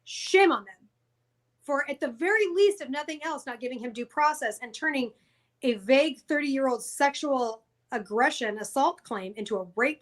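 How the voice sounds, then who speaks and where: A woman co-hosting a casual podcast discussion talks bluntly and emphatically, with plenty of profanity. Her voice is fairly high and a bit bright.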